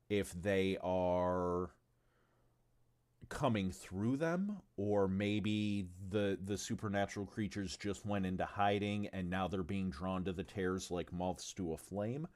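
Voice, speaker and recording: Speaking slowly in a low-pitched, darkish voice, a man presents his in-progress tabletop game on a livestream. He chats casually, curses freely, and keeps stumbling and wandering off into asides.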